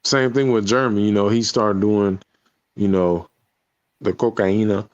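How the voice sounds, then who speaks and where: A man's voice: on the low side, steady tone, measured pace, dry recording, dull audio. A man in casual chat, laid-back and slangy, with lots of fillers.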